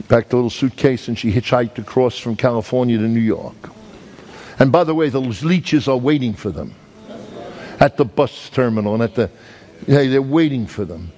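A male evangelist preaching a storytelling sermon, animated and joking with the congregation, acting out sounds and voices. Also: medium pitch, moderate pace, slight background noise.

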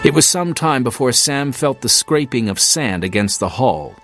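A man narrating an audiobook in a measured storytelling manner. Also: mid-range voice, big pitch swings, music in the background.

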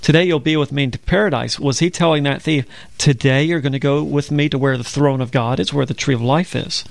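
Male Bible-program co-host, gravelly, earnest, dry studio sound. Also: medium pitch, a little fast, no room sound. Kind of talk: radio Bible discussion.

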